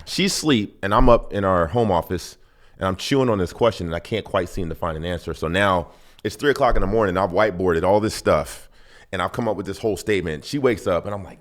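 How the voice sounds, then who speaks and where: A man telling personal stories on a podcast in a lively way, acting out both sides of conversations. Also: lowish voice, fast talker. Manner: animated, acts out both sides of dialogue. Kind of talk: casual storytelling.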